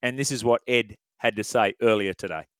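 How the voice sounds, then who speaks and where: A man's voice: fairly low pitch, brisk, fairly bright tone, a little hiss or hum. A man with an Australian accent hosting a sports radio show, talking in a chatty, opinionated way and chuckling as he goes. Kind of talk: casual sports commentary.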